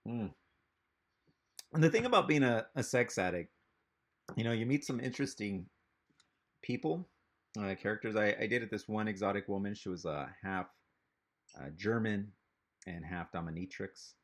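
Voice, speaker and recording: Male comic, low gravelly voice, halting stand-up delivery over a video call. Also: animated. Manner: rambling, halting delivery with many fillers. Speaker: stand-up comedian.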